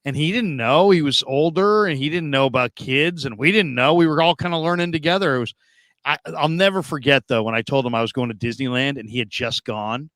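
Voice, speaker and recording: A middle-aged man hosting a sports talk show, telling stories in an animated, casual way with frequent stammering restarts. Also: medium pitch, brisk, no echo, clean studio sound.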